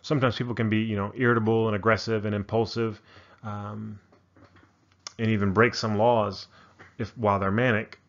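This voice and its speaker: Low-voiced man lecturing with many fillers. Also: little pitch movement, normal speed, lo-fi sound. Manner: casual, many fillers and restarts. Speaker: psychology lecturer. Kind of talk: narrated lecture.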